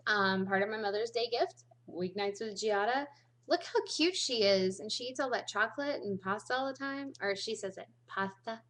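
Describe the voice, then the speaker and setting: A woman's voice: mid-range voice, a bit bright. A woman in her thirties chatting casually to camera in a bubbly, talkative way, often laughing. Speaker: vlogger.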